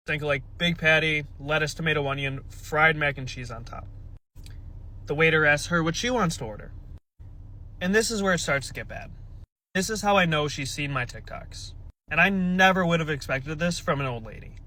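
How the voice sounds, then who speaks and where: A man's voice: a little high, pushed and bright. A man in his twenties telling a dating story in a sarcastic, exasperated storytime style. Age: 20s. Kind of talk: storytime vlog.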